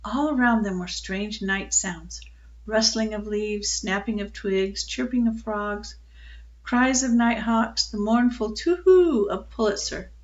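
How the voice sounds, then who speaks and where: An older woman reading a children's book aloud, telling it in a calm, unhurried way with small slips. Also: medium pitch, muffled recording. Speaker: storyteller.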